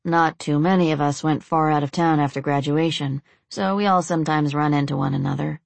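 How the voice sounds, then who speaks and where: A woman voicing a relaxed, teasing young man in a storybook reading, her voice dropped slightly lower. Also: fairly quick, vocal fry, no room sound. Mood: easygoing.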